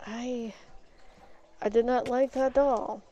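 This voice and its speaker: A woman's voice: fairly high pitch, fairly even intonation, slow, mellow, muffled recording. A woman streamer telling a story in a rambling way while she plays a game, swapping in "flip" for swear words. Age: adult, has an ex-husband. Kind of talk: casual storytelling while gaming.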